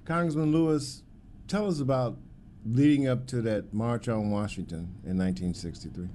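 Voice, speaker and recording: A man's voice: mid-range voice, normal speed, mellow, a little hiss or hum. A man asking short interview questions from off to the side. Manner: brief, prompting questions.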